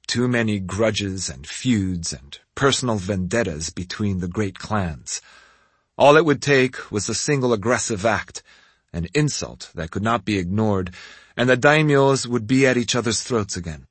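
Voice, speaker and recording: A man with a husky voice narrating a story in the first person, measured and expressive. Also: fairly low pitch, no echo. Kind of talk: scripted audiobook narration.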